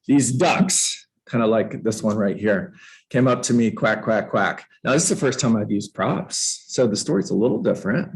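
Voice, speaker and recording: A man who coaches real estate agents, telling a playful story to a room and jumping up in pitch for emphasis. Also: low-quality recording. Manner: animated, playful, uses props, jumps up in pitch for emphasis; addresses listeners by name. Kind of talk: storytelling motivational talk.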